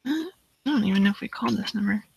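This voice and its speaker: Man, extremely gravelly voice, dry close sound, laid-back mutter. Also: high-pitched, animated, very fast, dry recording, poor audio. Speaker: prank call show host. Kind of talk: casual chat.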